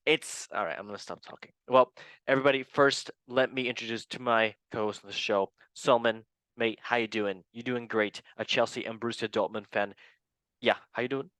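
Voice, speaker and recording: A man hosting a casual sports podcast, joking around and swinging between loud and quiet. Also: mid-range voice, fairly even intonation, normal speed, smooth, dry recording. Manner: goofy, playful, jumps between loud and quiet. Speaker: podcast host. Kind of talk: casual sports show banter.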